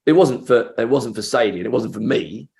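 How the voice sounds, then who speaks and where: A man's voice: medium pitch, brisk, gravelly, darkish tone. Actor guy rambling through an anecdote, loads of restarts. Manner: rambling, self-interrupting storyteller. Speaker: actor guest. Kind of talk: casual anecdote in an interview.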